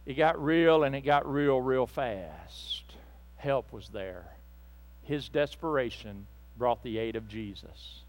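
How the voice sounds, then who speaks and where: A man preaching a fervent sermon to a church congregation, swinging between loud bursts and hushed asides. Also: mid-range voice, animated, takes it slowly. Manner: speaks to the congregation directly, with asides and apologies.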